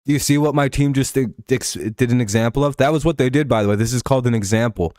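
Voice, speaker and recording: A man's voice: mid-range voice, fast talker, a little mellow, no echo. A man hosting a casual sports commentary show, rambling and profane, laughing often between points. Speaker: show host.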